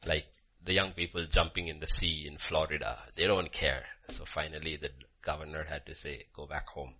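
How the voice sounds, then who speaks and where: A man, a pastor leading a prayer and preaching a sermon with fervent, emphatic, repetitive phrasing that swings between loud and hushed. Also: extremely low pitch, fairly even intonation, moderate pace, slightly rough.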